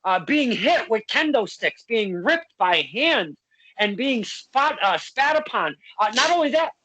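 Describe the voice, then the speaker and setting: A man's voice: very high voice, big pitch swings, measured pace, sharp tone, dry recording, rough recording. A man hosting a casual podcast, joking and teasing his guests with lots of fillers.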